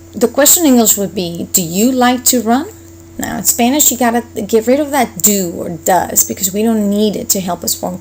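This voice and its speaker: A woman in a recorded lesson, explaining grammar one step at a time at a mid-range pitch. She slows down for each example so students can follow. A faint hum runs under the recording. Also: gravelly, darkish tone, low-quality recording. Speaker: Spanish teacher.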